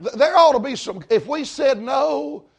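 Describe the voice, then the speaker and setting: A man with a Southern US accent preaching a storytelling sermon, folksy and emphatic, rising to shouts. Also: extremely high pitch, expressive, moderate pace, vocal fry. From Georgia, US.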